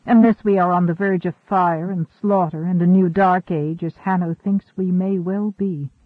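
Composed ageless woman, read by a man, measured and gently firm, high bright-edged voice, tinny narrow-band sound, dry. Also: steady tone, dry recording, natural voice. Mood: reflective. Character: centuries-old secretive woman scientist, composed and cool.

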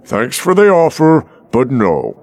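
A man's voice: mid-range voice, huge pitch swings, a little slow, gravelly, no echo, exaggerated voice. An actor playing a weary, plainspoken castle guardsman with working-class speech in a radio play. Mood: grumbling. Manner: grumbling, world-weary.

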